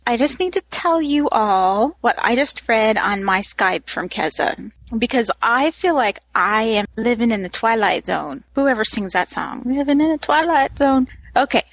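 A woman co-hosting a casual podcast, excitedly telling a story and acting out quotes. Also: on the high side, a little slow, hardly any pauses, dry recording. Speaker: podcast co-host.

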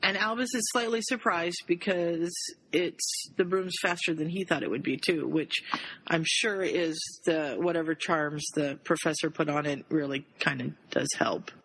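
A woman's voice: low voice, moderate pace, a little hiss or hum, poor audio. A woman on a group call, casually retelling and reading a fan story to friends. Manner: retells the story in lively summaries.

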